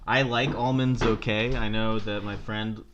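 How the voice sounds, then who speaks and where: A man's voice: fairly low pitch, steady tone, measured pace, lo-fi sound, noisy background. A man co-hosting a comedy podcast, hesitant and mock-earnest, often checking "okay?". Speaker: podcast co-host.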